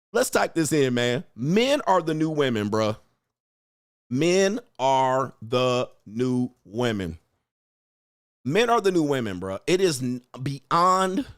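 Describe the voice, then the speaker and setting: Fairly high in pitch, a young man hosting a stream berates his chat with swearing and mockery, picking fights and frequently laughing. The sound is studio quality with no echo.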